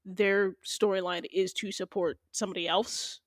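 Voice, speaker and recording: A woman's voice: mid-range voice, moderate pace, dry recording, studio quality. A young woman hosting a podcast, recapping a TV episode in a playful, slangy way. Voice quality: animated, playful delivery with slang. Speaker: podcast host. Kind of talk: casual TV recap chat.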